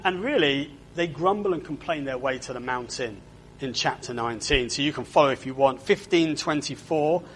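A man's voice: a little high, fairly bright tone, slight background noise. A man preaching a sermon, often asking his listeners to agree and repeating his words.

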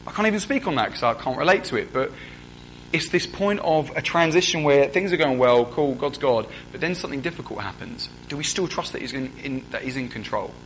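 A man's voice: medium pitch, animated, a little fast, a bit bright, a little hiss or hum, low-quality recording. A young man preaching a sermon in a conversational way, often putting questions to the congregation.

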